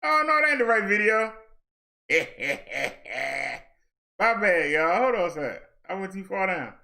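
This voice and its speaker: Chatty man with a bright, forceful voice. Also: high-pitched, sing-song, slow, creaky. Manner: loose, chatty, repeats himself and talks straight to viewers. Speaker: vlogger and minister. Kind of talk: casual chat to viewers. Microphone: helmet-mounted camera.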